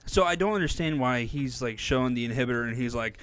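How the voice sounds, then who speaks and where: A man giving a casual spoken movie review, animated, often acting out characters' lines in a raised voice. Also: medium pitch, fast talker.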